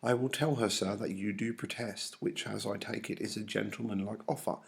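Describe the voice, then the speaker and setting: A man's voice: fairly low pitch, steady tone, normal speed, creaky. A man reading aloud as an indignant, bawdy middle-aged female nurse in a play, with emphatic delivery.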